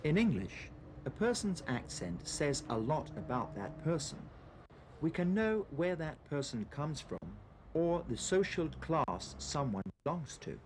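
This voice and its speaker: Man, scripted narration, clear teacherly tone, lively intonation. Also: fairly high pitch, unhurried, slight background noise. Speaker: programme narrator.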